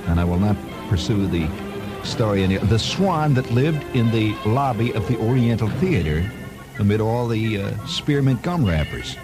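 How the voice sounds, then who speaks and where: A man hosting a radio show, telling a long story in a chatty, animated way with chuckling asides. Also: on the low side, moderate pace, music in the background. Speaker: radio host. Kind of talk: spontaneous storytelling monologue. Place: radio studio.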